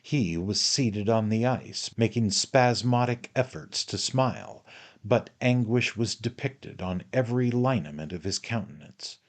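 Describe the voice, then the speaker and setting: A man narrates a classic novel as an audiobook reader, using a measured storytelling style. His voice sits on the low side.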